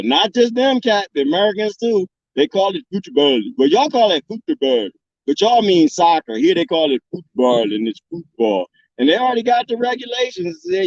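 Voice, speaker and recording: A man hosting a casual livestream, reading comments and rambling in an animated, profane and laughing manner. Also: sits high, moderate pace, no room sound. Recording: dull lo-fi dry sound.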